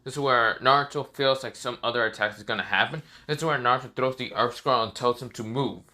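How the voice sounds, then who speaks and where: A man tells a fan-made story in a loose, rambling way. He keeps stopping himself with fillers and restarts. His voice is bright and forceful. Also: medium pitch, steady tone, quick pace. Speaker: narrator. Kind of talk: casual fan story narration.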